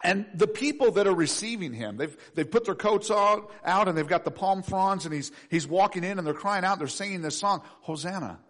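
A man preaching a sermon with a fairly high, very lively voice. He swings from quiet, low asides to loud, soaring pleas. His delivery is animated and full of feeling. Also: brisk, hardly any pauses. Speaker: pastor.

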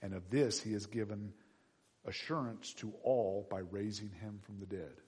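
A man preaching a sermon as pastor, animated and conversational, acting out voices of people in the story. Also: fairly low pitch, normal speed, slightly rough.

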